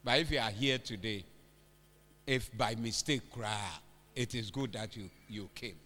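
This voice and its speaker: A Ghanaian man preaching a convention sermon, switching languages and drawing call-and-response from the crowd, building to shouted exhortations. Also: lowish voice, a little slow. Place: large church hall. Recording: echoey hall with music behind.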